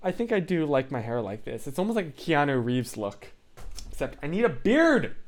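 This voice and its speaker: A man's voice: fairly high pitch, very animated, moderate pace. A young man hosting a casual livestream, chatting and reacting to viewer comments in a rambling way, full of tangents and fillers. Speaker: livestream host.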